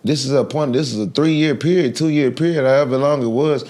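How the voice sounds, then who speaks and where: A man, guest on a podcast interview, talking in a brash, animated way with loud bursts of laughter. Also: mid-range voice, a little fast. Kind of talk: casual interview talk.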